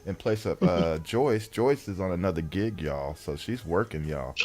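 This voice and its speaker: A man's voice: sits low, expressive, moderate pace, a loud crowd. A man hosting a radio talk show, upbeat and chatty, with lots of "uh"s as he introduces people. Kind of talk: casual chat.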